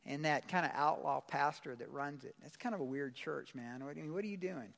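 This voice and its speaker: A man's voice: fairly high pitch, fairly quick, gravelly, fairly bright tone. A man playing a mocking friend who teases someone for going to church, in casual slang. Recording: long hall reverb.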